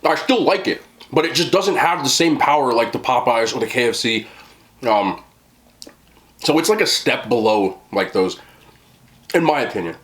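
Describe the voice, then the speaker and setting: A man casually reviewing fast food on camera, chatting with fillers and talking through mouthfuls at a desk mic. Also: mid-range voice, expressive, fairly bright tone. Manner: chatty, talks while chewing, frequent fillers.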